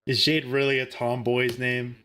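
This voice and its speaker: A man's voice: mid-range voice, level tone, moderate pace, sharp tone, soft background music. A young man streaming a game and defensively joking back at his chat. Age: young adult. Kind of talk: casual live-stream chat.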